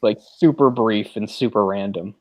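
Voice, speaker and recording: A man's voice: lowish voice, moderate pace, darkish tone, dry recording. A man chatting casually over a movie, rambling with lots of filler words. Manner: rambling, lots of "like" fillers, puts on mock voices when retelling scenes. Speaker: commentary host. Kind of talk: casual movie watch-along chat.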